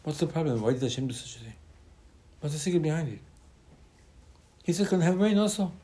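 A man's voice: fairly high pitch, fairly quick, mellow. A man, a rabbi giving an informal Torah class in choppy English with lots of repetition. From Israel. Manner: choppy non-native English with many repetitions.

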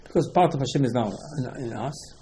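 A man's voice: medium pitch, fairly quick, warm tone, a little hiss or hum, low-quality recording. Man giving a rambling religious talk. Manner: rambling, repeats words, asks and answers himself; non-native English grammar. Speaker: religious teacher. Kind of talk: informal religious lecture.

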